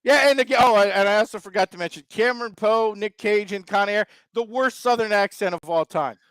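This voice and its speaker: A man's voice: sits high, brisk, a bit bright, clear, resonant tone, no echo, poor audio. A man from the American South, a regular on a sports talk show, ranting with mocking, exasperated wisecracks. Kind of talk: sarcastic sports talk rant.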